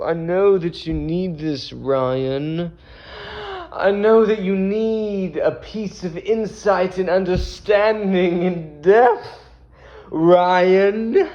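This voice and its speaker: A man voicing a loving channeled presence that speaks through him with a put-on accent, gasping and weeping between slow declarations. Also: high voice, voice pushed up, full character voice. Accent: unplaced put-on accent. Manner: gasping, weeping, drawn-out emotional outbursts. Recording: dull lo-fi recording.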